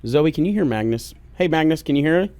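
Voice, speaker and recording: A man's voice: a little high, lively intonation, fast talker, dark tone, clear, resonant tone, no echo. Joking, profane podcast co-host man. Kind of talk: casual podcast banter. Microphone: studio podcast mic.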